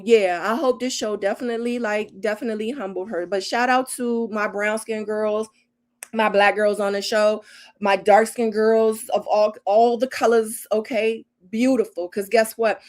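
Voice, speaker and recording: A woman in her forties, a former model, giving a casual, emphatic recap straight to camera, often tagging lines with "okay?" and "honey". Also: mid-range voice. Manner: sassy and emphatic, keeps adding "okay?" and "honey". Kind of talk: casual recap chat to viewers.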